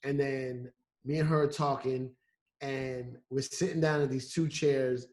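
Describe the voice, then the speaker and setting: A man guest on a podcast telling a story in a casual, animated way, acting out what people said. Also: mid-range voice, measured pace. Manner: animated, acting out quotes with restarts. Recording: roomy echo.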